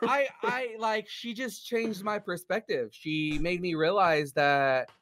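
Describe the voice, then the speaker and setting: A young man, a guest tattoo artist, telling his story in a rambling casual way, full of "like" and "you know" and quick laughs. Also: high voice, fairly bright tone.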